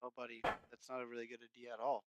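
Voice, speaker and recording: A man on a podcast giving calm advice in casual chat. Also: medium pitch, fast talker, heavy background noise. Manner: calm, advising.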